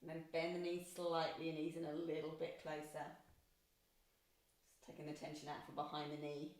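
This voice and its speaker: A female Pilates instructor calmly cueing each breath and movement through a guided exercise class. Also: low-pitched, moderate pace. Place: exercise space. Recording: very echoey room.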